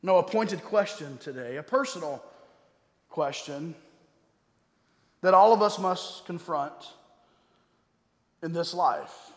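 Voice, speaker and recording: A man preaching a sermon as pastor. He is emphatic, slows down to stress key words and drops suddenly to a quiet voice. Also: a little high, lively intonation. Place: church sanctuary. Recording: echoey hall with long reverb.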